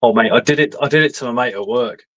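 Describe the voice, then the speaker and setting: A man's voice: mid-range voice, fast, low-quality recording. A man in his forties hosting a casual live stream chat, joking and rambling as he talks.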